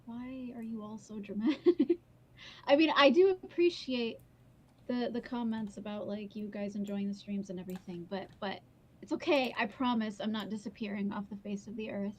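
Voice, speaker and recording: A woman's voice: mid-range voice, normal speed, a little mellow, slightly rough. A young woman streaming live, chatting casually and laughing as she answers her viewers' comments. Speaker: streamer and book reader. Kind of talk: casual livestream chat.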